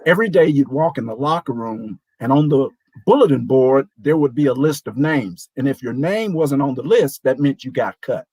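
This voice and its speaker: A man in his sixties, a show guest, telling a lively anecdote and acting out the voices of people in it. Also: medium pitch, moderate pace, hardly any pauses, breathy edge, no room sound, rough recording. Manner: animated, acts out quoted voices. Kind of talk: storytelling anecdote.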